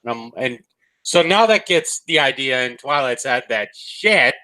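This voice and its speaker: Bright-voiced man chatting about a cartoon. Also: medium pitch, expressive, poor audio. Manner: laughs often, retells scenes in quick acted quotes. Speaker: co-host of a cartoon review show. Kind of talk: casual review chat.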